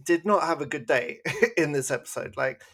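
A man's voice: a little high, moderate pace, husky. A man co-hosting a podcast, talking animatedly in casual review chat and mimicking characters in mocking voices. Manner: animated, mocking put-on voices when quoting. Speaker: podcast co-host.

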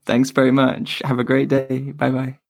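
A man's voice: medium pitch, completely flat delivery, moderate pace, gravelly, darkish tone, no echo. Guy on a podcast explaining stuff, thoughtful, bit hesitant, dry sound. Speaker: podcast guest. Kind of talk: casual interview chat.

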